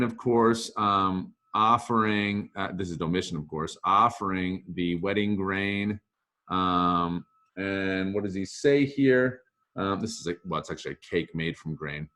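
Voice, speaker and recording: A middle-aged man teaching a casual recorded lesson. He talks slowly in a lowish voice and rambles, pausing and correcting himself as he goes. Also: a bit bright. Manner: chatty, rambling, self-correcting. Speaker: Latin teacher.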